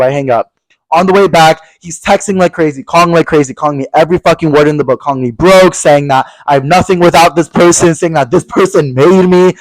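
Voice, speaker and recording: A young man co-hosting a podcast, telling a story in casual chat, animated and swearing a lot as he acts out angry quotes. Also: a little high, fast, no echo, poor audio. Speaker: podcast co-host.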